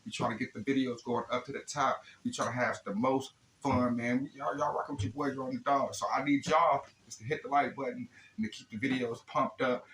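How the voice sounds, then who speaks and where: Talking a little fast with hardly any pauses, a man with a medium-pitched, slightly bright voice and fairly even intonation hosts an RC hobby unboxing video. He's laid-back and slangy, often saying "man" and "you know what I'm saying," and he records in an echoey indoor room he calls his lab, where faint noise can be heard.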